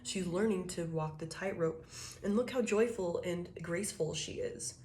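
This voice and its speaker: A woman with a lowish voice reads tarot cards in a casual, rambling way. She swears freely, laughs often and slips into quoted voices as she explains each card. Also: normal speed, darkish tone, slight background noise. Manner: loose and profane, laughs often, acts out quotes. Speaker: tarot reader.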